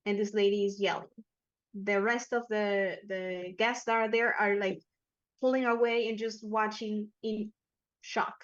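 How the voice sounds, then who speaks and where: A woman's voice: medium pitch, little pitch movement. Woman running a tabletop game, casual and chatty, kinda muffled mic. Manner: casual, with fillers and quick self-corrections. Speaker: game master. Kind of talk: narrating a tabletop horror game. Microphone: headphones and microphone.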